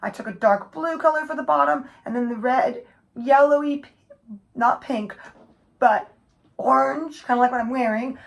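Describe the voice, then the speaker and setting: A woman talks her way through a nail art session in a casual, chatty tutorial. She rambles a bit and corrects herself mid-sentence as she works. Her voice sits slightly on the higher side. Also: gravelly, poor audio. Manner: chatty, rambling, self-correcting while working.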